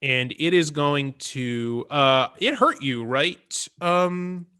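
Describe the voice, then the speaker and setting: Male game master, bright and forward voice, chatty, fills his talk with "uh" and "um". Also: a little high, lively intonation, slow, smooth. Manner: chatty, many fillers and restarts. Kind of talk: narrating a tabletop game.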